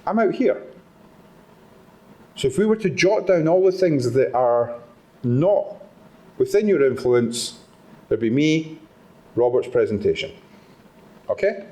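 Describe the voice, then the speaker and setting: A Scottish man speaks to a conference audience with a lively, rising and falling pitch. He talks in an engaging way and keeps the crowd involved. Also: slow pace, pauses often. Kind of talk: live talk to an audience. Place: conference hall.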